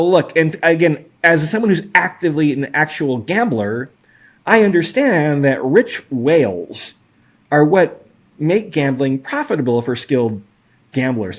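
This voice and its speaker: A man's voice: fairly high pitch, sing-song, unhurried. A man in his forties co-hosting a podcast, talking through data in a casual, hedging way with lots of fillers and a wry edge. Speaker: podcast co-host. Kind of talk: casual analytical chat.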